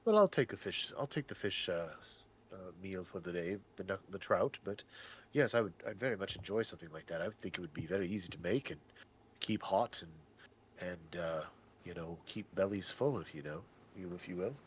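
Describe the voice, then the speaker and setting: A man's voice: sits low, moderate pace, a little hiss or hum. A man playing his character in a tabletop game, speaking formally and courteously. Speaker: player.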